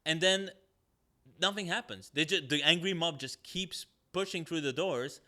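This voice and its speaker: A man's voice: a little high, normal speed, pushed and bright. A man reviewing a movie on a podcast, ranting in a sarcastic, profane, rambling way with lots of fillers.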